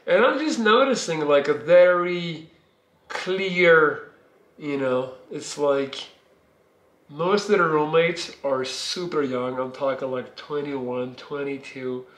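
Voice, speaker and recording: A man from Belgium, in his thirties, rambles through a personal story for his vlog. His voice sits a little high for a man and he swears casually. The room rings with a noticeable echo. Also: slow pace, fairly bright tone. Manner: long-winded, rambling, swearing. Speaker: vlogger. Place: living room.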